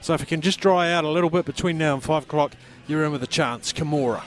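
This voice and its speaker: An Australian man with a fairly high voice hosts a live radio call-in, reading out horses for callers. He raises his voice to be heard from a pub, and faint music runs behind him. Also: fast. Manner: raised voice, talking over pub noise. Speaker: radio host.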